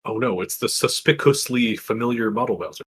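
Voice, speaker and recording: A man playing a tabletop game, cracking dry, deadpan jokes. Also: medium pitch, brisk, husky. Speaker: player. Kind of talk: casual tabletop play.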